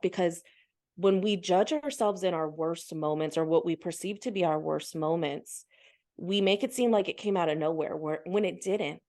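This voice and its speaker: A woman's voice: fairly low pitch, darkish tone. A woman guest on a podcast, earnestly explaining her healing practice and voicing her own inner thoughts as she goes. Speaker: podcast guest, spiritual healer. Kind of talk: conversational interview.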